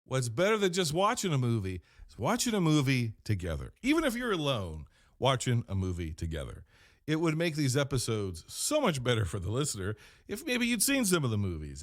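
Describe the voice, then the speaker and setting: Lively male podcast host, dry sound. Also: mid-range voice, fairly quick, dry recording. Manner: rambling, deadpan storytelling with self-corrections. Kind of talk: comedic in-character monologue.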